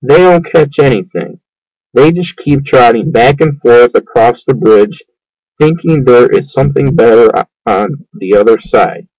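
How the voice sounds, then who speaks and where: A man reading an audiobook, voicing a wise, calm female spider in a measured, matter-of-fact way. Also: mid-range voice, no echo, poor audio.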